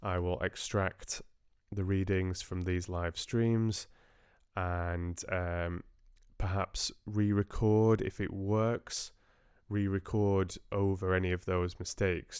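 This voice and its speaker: A man's voice: low-pitched, little pitch movement, slow, a little mellow, clear, resonant tone, dry recording, clean studio sound. A male audiobook narrator hosting a live stream, chatting casually with viewers in a rambling, hesitant way and often restarting his sentences.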